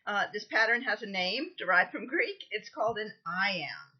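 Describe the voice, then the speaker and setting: A woman lecturer giving a recorded lesson, explaining things patiently, counting out stresses and often pausing with "um". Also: medium pitch, animated, breathy edge, lo-fi sound. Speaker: literature lecturer.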